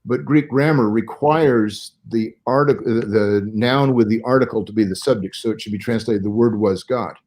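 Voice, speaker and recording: A man's voice: lowish voice, normal speed, hardly any pauses, darkish tone. Man in his sixties, lecturing scholar. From Southern California. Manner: careful, lecturing, explains step by step. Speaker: guest Bible scholar. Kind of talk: interview explanation.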